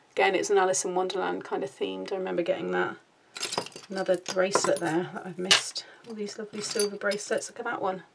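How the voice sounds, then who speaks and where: A woman from the UK, a craft vlogger, chatting casually and gushingly while showing off her collection, often murmuring softly, a little out of breath. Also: fairly low pitch, creaky, noisy background. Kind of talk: casual show-and-tell chat. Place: home, sitting down.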